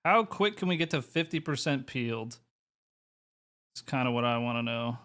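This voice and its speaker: A man's voice: mid-range voice, lively intonation, normal speed, fairly bright tone. A young man streaming live, chatting casually with his viewers in a laid-back way with some mild swearing.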